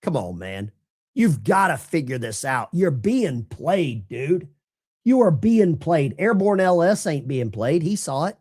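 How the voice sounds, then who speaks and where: A man's voice: on the high side, very animated, unhurried, darkish tone, slightly rough. A man hosting a live stream of political commentary, talking to his chat viewers in a sarcastic, rambling way with many restarts. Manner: addresses chat viewers directly. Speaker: political commentary livestream host.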